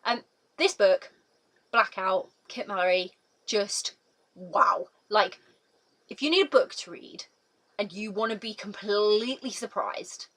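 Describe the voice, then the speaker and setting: A woman's voice: mid-range voice, unhurried, bright, forceful tone, poor audio. A young woman giving a casual, emotional video book review, gushing and full of "like" and "literally".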